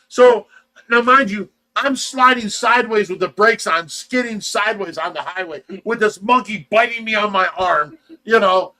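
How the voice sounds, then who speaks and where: Midwestern American male host, high and bright, tells stories loudly and animatedly on a casual livestream. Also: measured pace. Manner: animated, shouts and mimics in the telling. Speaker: show host telling a story.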